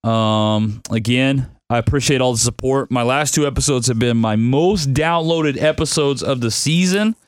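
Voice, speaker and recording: A man's voice: medium pitch, moderate pace, hardly any pauses, no echo. A young man hosting a casual sports-betting podcast, laid-back and grumbling that he is tired. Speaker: podcast host picking football bets.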